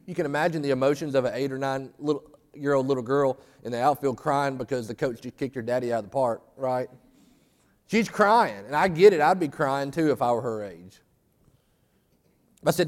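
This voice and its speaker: A man's voice: mid-range voice, brisk, darkish tone. Man preaching in a reverberant hall. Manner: folksy storytelling, voice rising to fervent emphasis. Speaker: pastor. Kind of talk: sermon.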